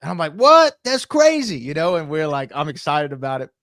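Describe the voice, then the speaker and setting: A man co-hosting a podcast, telling stories in a lively way and reading out viewer comments. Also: a little high, fast, dry recording, studio quality. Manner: lively storytelling, acts out phone calls. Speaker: podcast co-host.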